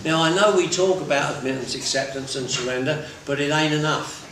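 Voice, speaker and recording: A man's voice: a little high, a little fast, fairly bright tone. A man giving a blunt, conversational talk to a recovery group, with laughs and asides mixed in. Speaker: recovery workshop speaker. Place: workshop meeting room. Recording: very echoey room, mic far off, faint noise.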